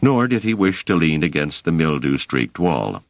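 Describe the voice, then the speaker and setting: A man narrating an audiobook in a measured, expressive storytelling manner. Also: extremely low pitch, no echo. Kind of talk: scripted narration.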